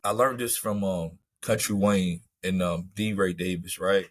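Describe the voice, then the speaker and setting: A lower-pitched man talks loosely about his comedy career. He drifts along, padding his lines with "man" and "you know." The recording is close and dry. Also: measured pace, no room sound. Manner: laid-back, rambling, fillers like "man" and "you know". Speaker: comedian guest. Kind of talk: casual interview chat.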